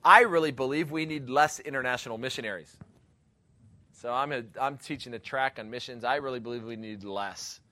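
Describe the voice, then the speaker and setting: A man's voice: medium pitch, a little fast, pushed and bright. A male pastor giving an earnest, rambling teaching talk on missions, often laughing and exclaiming.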